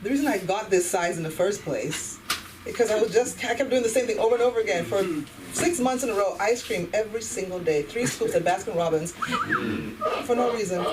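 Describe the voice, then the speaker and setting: A woman's voice: mid-range voice, brisk. A woman chatting to a group in a casual, self-deprecating way. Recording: distant mic with noticeable room noise.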